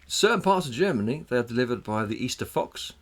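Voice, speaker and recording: A man's voice: medium pitch, sing-song, fast. A man co-hosting a casual podcast, sharing trivia in a chatty way and swearing freely. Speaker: podcast co-host. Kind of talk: casual banter.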